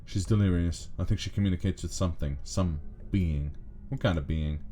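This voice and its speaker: A man voicing a mournful middle-aged husband worried about his ill wife, speaking gravely. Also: low-pitched, moderate pace, mellow, natural voice.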